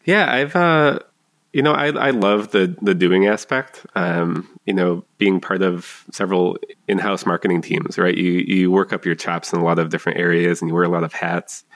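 Deep-voiced, thoughtful male guest. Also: fairly even intonation, a bit bright, no room sound. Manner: thoughtful, halting with fillers. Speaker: marketing consultant guest. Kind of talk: casual interview chat.

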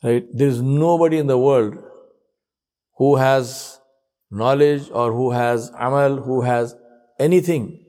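A man preaching a sermon as a storyteller. He asks rhetorical questions, weaves in Arabic honorifics, and drops soft and low on them. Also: slow pace, long pauses.

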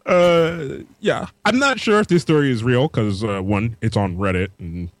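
A man's voice: medium pitch, lively intonation, normal speed. A man hosting a podcast who reads out odd news stories and tells them with acted-out voices and laughter. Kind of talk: casual crude comedic chat.

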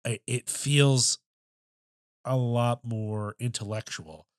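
A man's voice: mid-range voice, fairly even intonation, no echo, studio quality. A man co-hosting a film podcast in casual discussion, thinking aloud with restarts and casual swearing. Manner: thoughtful, halting, many restarts and fillers, swears casually. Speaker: podcast co-host.

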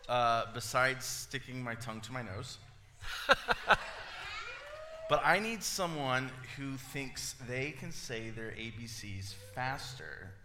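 A man's voice: medium pitch, lively intonation, slow pace, pushed and bright, a little hiss or hum. A man preaching to a congregation in a playful, jokey teaching manner. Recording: echoey church hall.

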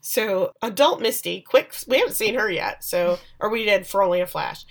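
A woman's voice: medium pitch, lively intonation, moderate pace, vocal fry. A woman co-hosting a podcast, chattily recapping a TV episode and acting out the characters' lines. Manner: chatty, opinionated, acts out quoted lines. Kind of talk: casual recap chat.

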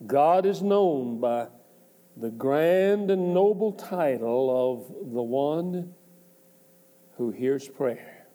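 A man preaching a sermon, speaking slowly and deliberately with pauses. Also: mid-range voice, expressive, mellow.

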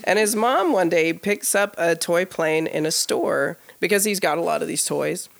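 A woman with a gravelly, creaky voice co-hosts a podcast, spinning a story in a loose, lively way. She sits a little low in her range and leans hard on "like" fillers. She acts out the quoted lines as she goes. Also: normal speed. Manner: animated, laughing, lots of "like" fillers, acts out quoted dialogue. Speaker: podcast co-host. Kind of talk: casual storytelling. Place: live podcast taping before an audience.

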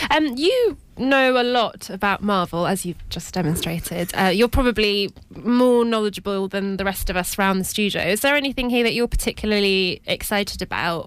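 A woman's voice: mid-range voice, smooth. A woman hosting a studio panel, asking questions and moving the talk along with light amusement. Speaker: host. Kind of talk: casual studio discussion.

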